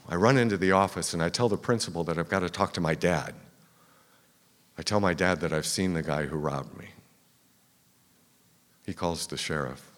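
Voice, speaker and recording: In a live theater hall with long reverb, a man with a very deep, slightly bright voice tells a true story from his own life. His telling is dramatic and first-person, falling to a whisper whenever tension builds.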